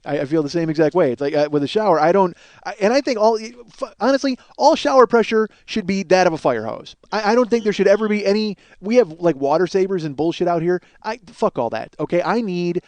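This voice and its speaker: A man's voice: sits high, darkish tone, no room sound. A middle-aged man from the Chicago area telling rambling, profane, self-mocking comic stories as a podcast host, acting out bits of dialogue. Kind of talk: comic storytelling monologue.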